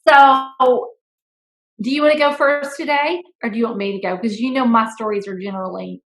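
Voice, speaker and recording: A woman co-hosting a casual chat, telling a story with playful teasing and an animated delivery. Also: a little high, normal speed, poor audio. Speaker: school principal, podcast co-host.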